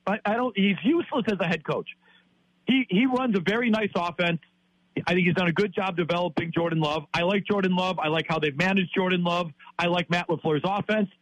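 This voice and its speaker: A man in his fifties, from Wisconsin, delivers an exasperated sports-talk rant, repeating himself as he goes. His voice sits high and comes out husky. The sound is dry and close. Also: a little fast, a bit bright, dry recording, low-quality recording. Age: 50s.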